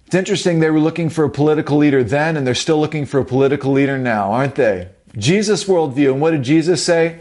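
A man preaching a sermon as pastor, from the United States, emphatic and slowing down to stress key phrases. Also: a little high, darkish tone.

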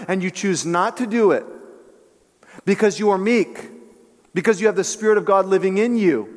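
A man preaching a sermon, telling stories with animation and dropping to a hushed voice for emphasis. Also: high voice. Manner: animated storytelling, drops to hushed tones for emphasis. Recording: long hall reverb.

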